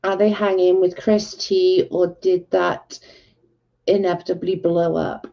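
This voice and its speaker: A woman's voice: lowish voice, flat delivery, a little slow, vocal fry. A woman hosting a casual livestream, ranting in exasperation and saying "like" a lot. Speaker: livestream host. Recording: dull lo-fi stream audio.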